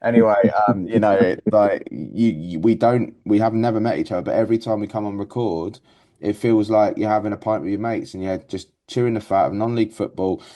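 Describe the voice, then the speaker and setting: A man's voice: on the low side, fairly quick, warm tone. A man co-hosting a podcast in casual chat, rambling with many restarts. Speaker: podcast co-host.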